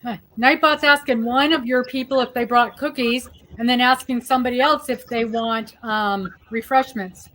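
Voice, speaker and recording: A woman co-hosting a casual livestream chat, relaxed, reading out chat messages with wry asides. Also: on the high side, normal speed, few pauses, poor audio. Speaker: co-host.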